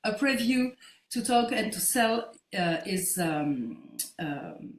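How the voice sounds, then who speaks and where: A woman in her fifties, a native French speaker with a French accent, telling her story as an interview guest in halting English while she searches for words. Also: mid-range voice, very animated. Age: 50s. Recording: roomy echo.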